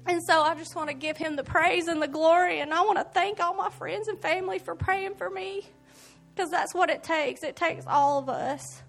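Woman, high bright voice, earnest church testimony, faint music behind. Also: normal speed, creaky. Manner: emotional, earnest, animated storytelling. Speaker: church member giving testimony. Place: church service.

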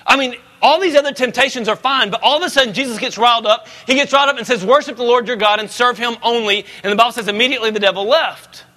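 A man preaching a sermon as a pastor, conversational and joking, rising to animated emphasis. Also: very high-pitched, fast talker, hardly any pauses.

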